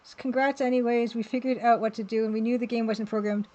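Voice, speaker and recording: A woman's voice: a little high, steady tone, fast, darkish tone, lo-fi sound. A woman chatting casually on a live stream, self-mocking and chatty as she reads chat.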